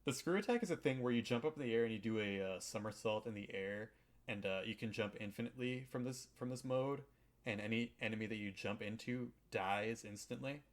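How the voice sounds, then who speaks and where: A man's voice: on the low side, brisk. A man hosting a podcast, talking casually and loosely. He rambles irreverently, swears freely, and fills his sentences with "uh" and "like". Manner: rambling and irreverent, with frequent swearing and filler words. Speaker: podcast host. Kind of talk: casual chat recapping a video game.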